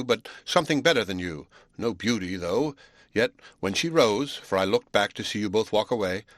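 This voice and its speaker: A man's voice: fairly low pitch, fairly bright tone, no echo. A man playing a blunt, sarcastic Englishman. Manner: brusque and scolding.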